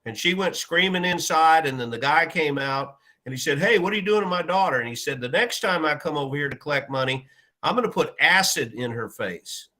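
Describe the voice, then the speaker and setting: A man's voice: on the high side, lively intonation, fairly quick, sharp tone. A man telling an anecdote in casual chat, quoting the people he spoke with. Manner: recounts anecdotes with quoted dialogue. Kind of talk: casual storytelling.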